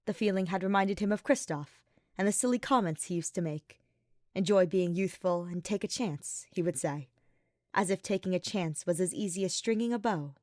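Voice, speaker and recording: A woman narrating a fan fiction story in a steady, reflective reading voice. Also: mid-range voice, a little fast, no room sound, clean studio sound. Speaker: podfic reader.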